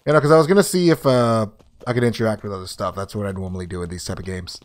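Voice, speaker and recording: A man's voice: fairly low pitch, racing. A man casually commenting as he streams a story game, loose, profane and jokey, often breaking into laughter.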